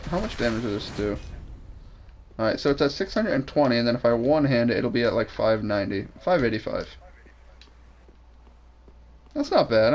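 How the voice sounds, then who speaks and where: A young man streaming a game, chatting crudely and joking while he works out weapon damage aloud. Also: medium pitch. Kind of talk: casual gaming chat.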